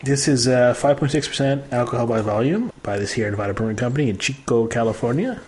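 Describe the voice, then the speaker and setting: A man's voice: mid-range voice, fast talker, a little mellow, slight background noise. A man hosting a casual beer tasting chat, joking and describing flavors and brewery facts. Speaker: host.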